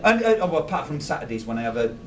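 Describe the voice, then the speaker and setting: A man in his thirties playing a nerdy, petulant male sci-fi fan with a Yorkshire accent, shouting and stammering his way through live character stand-up. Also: big pitch swings, racing, recorded from a distance, very noisy. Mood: ranting. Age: 30s. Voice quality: high, shouty, stammering and indignant. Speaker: comedy character performer. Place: small theatre stage with a live audience. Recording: roomy live venue from afar, audience.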